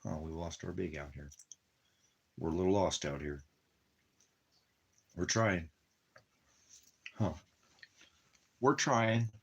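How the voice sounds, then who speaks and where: Husky deep-voiced man rambling to his dog. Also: a little slow, pauses often. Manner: rambling, repetitive, talks baby-talk to his dog; preachy about religion. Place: at home in the desert.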